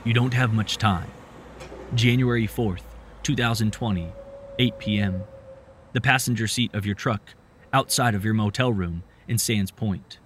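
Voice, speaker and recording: A man's voice: a little slow, a little hiss or hum, close to an everyday voice. A man voicing a mysterious stranger who whispers urgent, commanding instructions. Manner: hushed, low and insistent.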